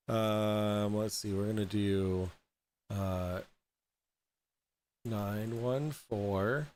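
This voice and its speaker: Slow, rambling, tipsy male host. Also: fairly low pitch, darkish tone, a little hiss or hum. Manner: rambling, halting with fillers. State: drunk and high. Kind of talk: casual livestream commentary.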